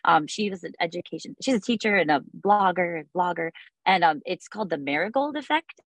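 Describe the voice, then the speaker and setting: A woman's voice: lowish voice, expressive, a little fast, no echo. A woman in her forties, a music teacher, talking in a podcast interview, chatty with many fillers and restarts.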